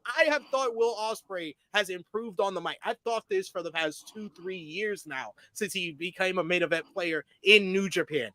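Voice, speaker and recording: A man with a high, bright voice co-hosts a casual wrestling review show. He talks quickly through recaps and climbs even higher when something excites him. The sound is dry and close, with little room echo. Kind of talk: casual podcast review chat.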